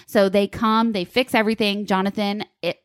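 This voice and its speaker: A woman co-host spins a frustrating story in casual podcast chat, voicing each person she quotes. Her middle-pitched voice climbs sharply when she gets worked up. The sound is close and dry. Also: normal speed, dry recording. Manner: animated storyteller, acts out quoted calls, pitch jumps when upset.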